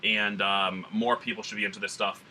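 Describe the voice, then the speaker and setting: A man's voice: lowish voice, level tone, moderate pace, pushed and bright, slight background noise. A man from the United States hosting a casual beer-tasting vlog in a put-on American Southern drawl, rambling and laid-back with slang. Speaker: beer reviewer.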